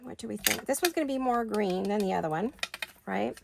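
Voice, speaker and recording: Middle-aged lady chatting while she crafts, gravelly voice, faint noise behind. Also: medium pitch, fairly quick. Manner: chatty, talks to herself while working. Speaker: craft video host. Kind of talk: casual crafting chat.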